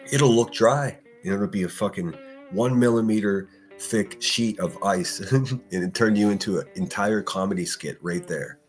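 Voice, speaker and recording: Deep-voiced blunt, profane male streamer. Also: normal speed, faint music behind. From Pittsburgh area. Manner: blunt, profane, ranting, laughs often. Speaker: livestream host. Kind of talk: casual morning livestream chat.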